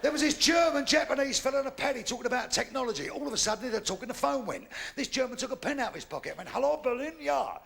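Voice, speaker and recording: A man's voice: very high-pitched, lively intonation, rapid-fire, vocal fry, hardly any pauses, a bit bright, a little hiss or hum. A man doing bawdy live stand-up on a theatre stage, chatting and laughing at his own jokes. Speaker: stand-up comedian. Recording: live theatre show with band. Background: live band.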